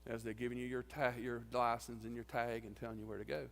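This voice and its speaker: Man, mid-pitched, folksy funeral eulogy, long church echo. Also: level tone, fast, vocal fry. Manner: folksy, tells stories and acts out quoted lines. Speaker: eulogist at his wife's funeral. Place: church sanctuary.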